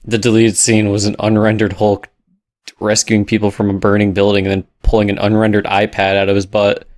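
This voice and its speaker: Laid-back young man, low dry voice. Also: monotone, a little fast, dry recording. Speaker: podcast co-host. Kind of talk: casual chat.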